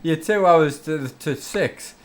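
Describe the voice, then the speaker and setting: A young man chatting casually on a live stream with his father, teasing him and firing quick questions. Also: on the high side. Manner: teasing, quick questions, talks over the other. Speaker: co-streamer, son of the other player.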